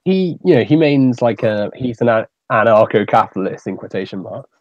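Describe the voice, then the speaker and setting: A man's voice: lowish voice, animated, brisk, no room sound. A British man hosting a casual group voice chat, rambling with many fillers and restarts. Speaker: stream host. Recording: dull, dry voice-chat audio.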